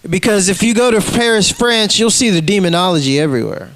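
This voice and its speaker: High-voiced man ranting with profanity. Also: lively intonation, brisk, fairly bright tone, slight background noise, rough recording. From United States. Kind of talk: profane rant to camera.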